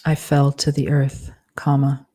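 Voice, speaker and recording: A woman author dictating a fantasy novel aloud, calling out each comma and period in a measured, deliberate way. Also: extremely low pitch, completely flat delivery, mellow, slightly rough. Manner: speaks punctuation marks aloud, measured and deliberate.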